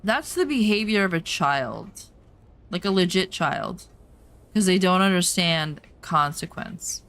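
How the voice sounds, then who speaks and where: A woman's voice: lowish voice, lively intonation, measured pace, a bit bright. A woman streamer chatting casually over gameplay, telling personal stories bluntly and emphatically, swearing now and then.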